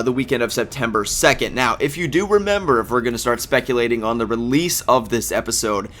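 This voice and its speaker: A man's voice: medium pitch, fairly bright tone. A young man hosting a casual games news video, groggy from just waking up, thinking aloud and correcting himself as he goes. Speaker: gaming news video host.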